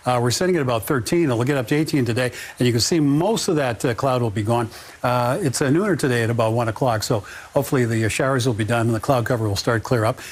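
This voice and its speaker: Male morning weather presenter, quick and chatty, with loose filler-laden delivery. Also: mid-range voice. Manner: casual, chatty, with frequent "uh" fillers. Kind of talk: live morning TV weather report.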